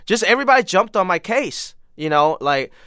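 A man in his thirties from Hong Kong, chatting as an interview guest with a fairly high voice. He tells stories with energy and slips into the voices of the people he quotes. The studio sound is dry and close. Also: a little fast, clean tone, no echo. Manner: animated storyteller, acts out quotes. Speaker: actor and author guest. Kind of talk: casual interview chat.

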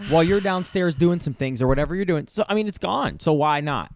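Higher-voiced man podcast co-host, teasing. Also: brisk, no echo. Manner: animated, teasing, rambling asides. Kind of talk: casual chat.

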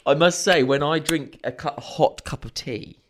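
A man's voice: on the high side, normal speed, a little hiss or hum. A man in his thirties co-hosting a podcast in casual chat, chatty and laughing often. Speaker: podcast co-host.

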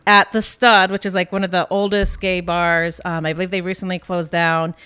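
Bright-voiced lady comic telling wild stories on a podcast, animated and quick. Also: fairly low pitch, clear, resonant tone. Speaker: comedian guest. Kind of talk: casual podcast chat, storytelling.

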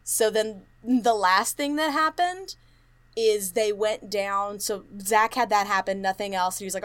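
A woman telling a ghost story to her co-host in easy, casual podcast chat. She leans on fillers like "like" and "um" and acts out what other people said. Her pitch sits in the middle for a woman. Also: a little slow, clear, resonant tone. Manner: animated retelling, acts out quotes, many fillers.

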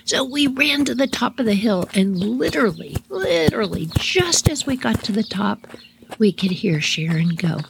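A woman's voice: medium pitch, moderate pace, vocal fry, noisy background. A woman animatedly telling a funny childhood story on her podcast, laughing and talking to listeners directly. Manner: animated, laughing, addresses listeners as "you all". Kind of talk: casual storytelling.

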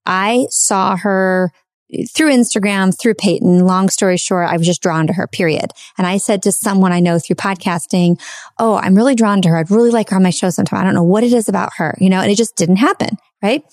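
A woman's voice: mid-range voice, a little fast, a little mellow, no echo, studio quality. Chatty woman telling a heartfelt story. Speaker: podcast host. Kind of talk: casual podcast conversation.

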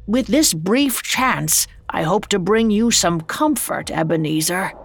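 A woman's voice: mid-range voice, expressive, measured pace, a little hiss or hum. A woman voicing the grim ghost of an old businessman bound in chains, speaking in grave, solemn warnings.

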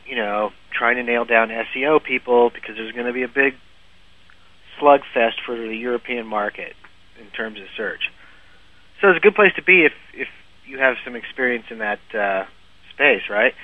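A man's voice: mid-range voice, no room sound. A man telling a long funny story in casual podcast chat, laughing often and restarting his sentences. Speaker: guest storyteller. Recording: phone-like lo-fi, dry.

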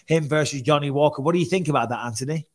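A man's voice: fairly high pitch, rapid-fire. A man hosting a casual sports talk show, chatty and teasing, often repeating himself. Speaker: host and commentator.

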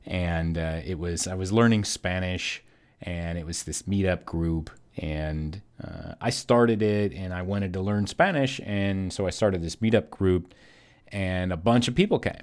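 Deep-voiced man telling a personal story. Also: a little slow. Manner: reflective, hesitant with many fillers. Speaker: podcast host.

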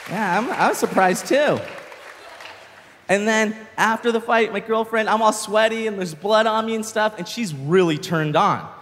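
A young man doing stand-up comedy, telling a story in an animated way, swearing freely and acting out shouts. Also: high-pitched, normal speed, long reverb tail, a faint crowd.

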